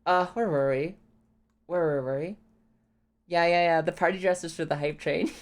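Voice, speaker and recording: A young woman streaming a game, chatting casually, excitable, swearing often and breaking into squealing laughs. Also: fairly low pitch, moderate pace. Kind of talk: casual live-stream chat while playing a game.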